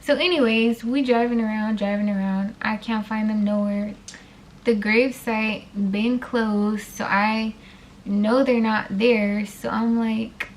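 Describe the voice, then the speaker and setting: A woman telling a personal story to her viewers in a casual storytime vlog, animated, with frequent fillers and direct asides to them. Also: a little high, a little slow, slight background noise.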